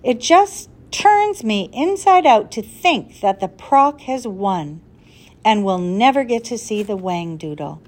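A woman voicing an eager, excitable boy who talks in a pleading, urgent way. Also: mid-range voice, slow pace.

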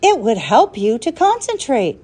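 A woman's voice: a little high, huge pitch swings, measured pace, a little mellow, slightly rough, heavily acted. A woman voicing an eager young boy in a storybook reading.

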